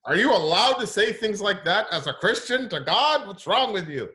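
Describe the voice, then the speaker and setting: A man's voice: high-pitched, expressive, moderate pace, bright, forceful tone. A man hosting a casual interview over a video call, chatty and easygoing, laughing often. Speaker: host.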